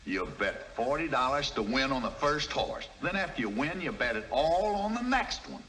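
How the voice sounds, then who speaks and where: A man's voice: mid-range voice, very animated, moderate pace, a bit bright. An actor voicing a wisecracking male mule with a dry, sardonic drawl, in an old film. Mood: wry. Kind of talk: 1950s film comedy acting. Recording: old film soundtrack with noise.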